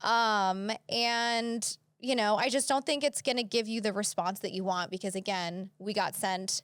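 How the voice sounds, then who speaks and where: A woman's voice: medium pitch, fairly even intonation, a little slow, fairly bright tone, smooth, dry recording. A young adult woman hosting a podcast, talking bluntly in casual chat with lots of "like" and "you know". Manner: blunt, filler-heavy, says "like" often. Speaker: podcast host.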